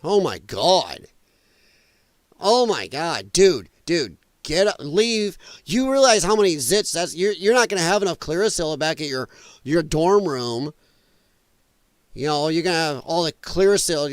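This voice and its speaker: A man hosts an opinionated commentary show in a blunt, sarcastic, mocking way, rambling between points. His pitch sits a bit high and swings widely. The sound is dry and close. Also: no room sound. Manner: rambling, trails off while scrolling. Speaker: podcast host.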